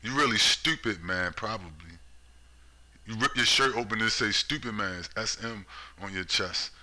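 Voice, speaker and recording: Casting note: ranting political commentator, a man with a very bright, sharp voice, sarcastic and profane. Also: lowish voice, moderate pace. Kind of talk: ranting monologue.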